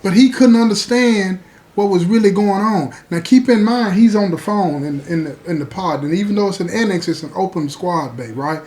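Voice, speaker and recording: A male podcast host with a high voice. He tells the story in a folksy, conversational way and keeps checking in with his listeners as he goes. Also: normal speed, a little mellow. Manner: folksy, repeats "you know what I'm saying".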